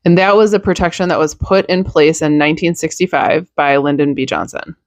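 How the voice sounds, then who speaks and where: A woman's voice: low-pitched, fairly even intonation, a little fast, no echo, clean studio sound. Tired, blunt woman ranting on a podcast. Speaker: news podcast host. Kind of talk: casual opinion monologue.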